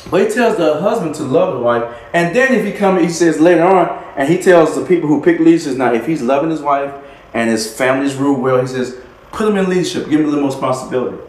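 A man preaches a sermon with emphatic, repeating phrases and little chuckles between points. His voice sits a touch high. The recording has a roomy, echoing sound. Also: a little fast. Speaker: minister. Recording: echoey room.

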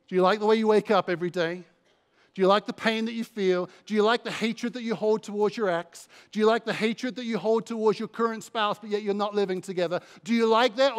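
High-voiced male pastor, passionate church sermon full of repetition and asides. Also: clear, resonant tone. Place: church service.

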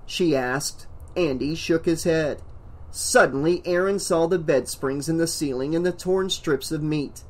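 Higher-voiced man narrating a horror audiobook. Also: a little slow.

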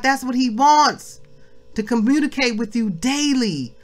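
A woman's voice: on the high side, expressive, measured pace. A woman leading a weekly devotional in an impassioned preaching style, repeating phrases and calling her listeners family. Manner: repeats phrases, swings from hushed prayer to loud exhortation; informal, addresses listeners as family. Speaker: ministry leader giving a devotional.

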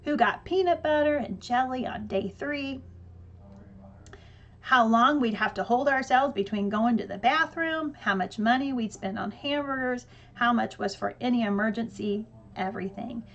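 A woman narrates an audiobook with lively, dry-humored storytelling. Her voice sits a little high, and the audio has a slightly muffled, dull tone. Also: moderate pace.

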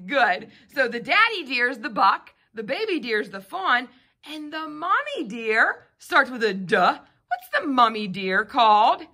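Lively bright-voiced woman teaching phonics. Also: sits high. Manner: patient, sounds out letter sounds slowly. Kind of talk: phonics lesson with a child.

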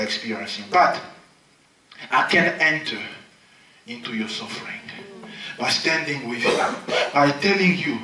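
Preaching man in an echoey hall. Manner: dramatic swings from loud high exclamations to soft low murmurs. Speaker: pastor. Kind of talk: sermon. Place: large hall at a healing crusade. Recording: echoey hall, mic at a distance.

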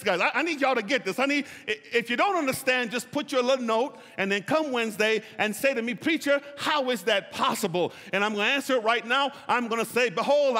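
In a church sanctuary, a male pastor preaches with a high, pushed, bright voice. He uses call-and-response, having the congregation repeat phrases, and draws out key words for emphasis. The reverberant church hall adds a long hall reverb.

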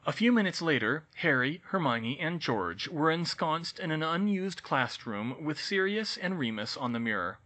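A man narrating fan fiction as an audiobook in a plain, steady way. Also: on the high side, moderate pace, hardly any pauses.

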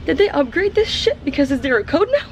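A young woman in her twenties chatting casually to camera in a vlog, bubbly and gushing, quick to laugh. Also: high-pitched, very animated, heavy background noise. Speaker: vlogger.

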